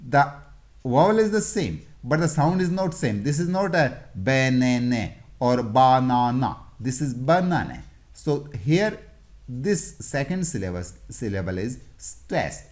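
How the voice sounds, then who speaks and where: Slow, lively-pitched English teacher. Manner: repeats and sounds out example words. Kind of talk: explanatory lesson.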